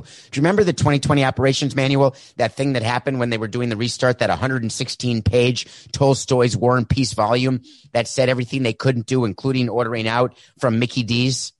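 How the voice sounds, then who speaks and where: A man's voice: medium pitch, fairly even intonation, brisk, hardly any pauses, dry recording, clean studio sound. Sarcastic male sports talk host. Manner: sarcastic, mocking. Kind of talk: sports commentary monologue. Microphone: desk mic with mute button.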